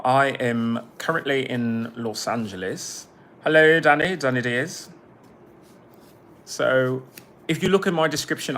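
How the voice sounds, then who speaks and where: A man's voice: mid-range voice, fairly bright tone. A man who makes his own music, chatting casually on a livestream. He rambles, swears freely and breaks off to greet viewers.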